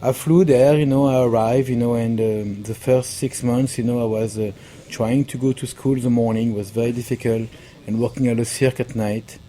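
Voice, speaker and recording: A man with a thick French accent, a pastry chef guest, telling his story haltingly with many fillers. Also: medium pitch, fairly even intonation, warm tone, a little hiss or hum. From France. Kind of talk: conversational interview.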